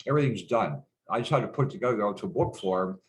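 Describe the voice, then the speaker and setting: A man's voice: fairly low pitch, expressive, fast, poor audio. A man from Canada talking in a casual interview, rambling with many restarts and fillers and swearing bluntly. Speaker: guest.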